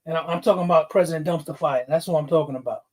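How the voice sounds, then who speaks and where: A man's voice: a little high, very fast, darkish tone. A man hosting a casual livestream, greeting chatters by name, laughing often and getting fired up. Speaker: livestream host.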